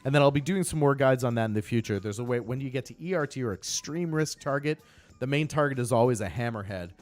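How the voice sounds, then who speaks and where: A man's voice: mid-range voice, quick pace, darkish tone. A man chatting casually on a game live stream, upbeat and greeting viewers by name.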